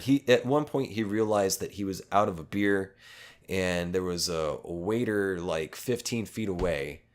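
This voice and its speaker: A man hosting a podcast, telling a long story in a rambling, casual way with lots of swearing and self-aware asides. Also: low voice. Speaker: podcast host.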